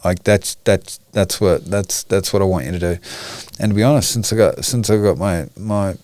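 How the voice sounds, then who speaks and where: Low-pitched aussie bloke, blunt and emotional, swears a lot, dry close sound. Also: male voice, normal speed, a little mellow, dry recording. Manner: frank, emotional, swears often. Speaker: podcast guest. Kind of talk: candid conversation.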